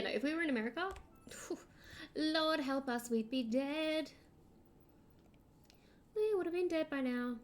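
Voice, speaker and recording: An Australian woman streaming a game, chatting casually in an excitable, rambling way. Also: high-pitched. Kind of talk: casual chat while gaming.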